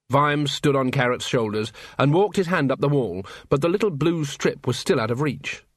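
A man's voice: mid-range voice, animated, normal speed, hardly any pauses, no echo. Man narrating an audiobook, dry sound. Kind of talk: scripted narration.

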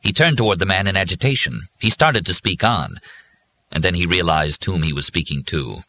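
A man narrating an audiobook in an even, measured storytelling manner. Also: low-pitched. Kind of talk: scripted narration.

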